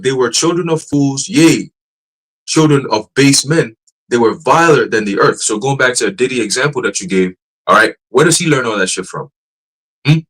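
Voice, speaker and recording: A man teaching casually on a church livestream, profane and animated, laughing and mocking as he talks. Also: medium pitch, rough recording.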